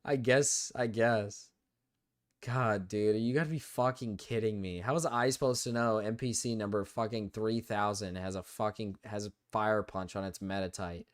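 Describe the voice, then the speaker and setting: A man's voice: on the low side, steady tone, normal speed. A young man with a cold, swearing and complaining in frustration as he commentates a live gaming stream. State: sick with a cold.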